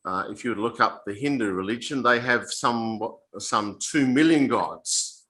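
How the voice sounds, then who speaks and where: Bright-voiced man giving a halting Bible talk. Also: medium pitch, rough recording. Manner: halting, repeats and restarts phrases mid-sentence; plain conversational explaining with asides. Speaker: Bible teacher. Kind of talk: informal Bible talk to a small group.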